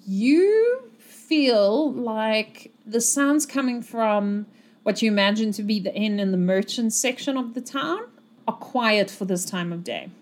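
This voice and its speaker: A woman running a tabletop game as game master, describing the scene in a relaxed way with many fillers. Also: on the high side, unhurried.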